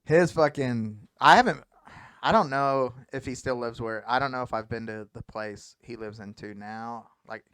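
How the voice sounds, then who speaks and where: Man, podcast host, mid-pitched voice, rambling profane storyteller. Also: normal speed, fairly bright tone, smooth, dry recording, studio quality. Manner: rambling, profane storyteller who laughs often. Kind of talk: casual podcast conversation.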